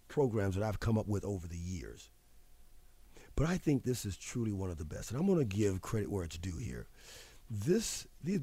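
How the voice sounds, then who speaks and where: A man's voice: lowish voice, dark tone, breathy edge, dry recording. A man hosting a show, giving a motivational talk in an emphatic, preachy way and repeating phrases for effect. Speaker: radio show host.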